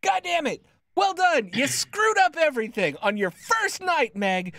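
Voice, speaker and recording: Give me an animated male game master hosting a livestream over a video call. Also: very high voice, normal speed, no room sound. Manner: animated, joking, rambling. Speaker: game master and stream host. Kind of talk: casual livestream chat.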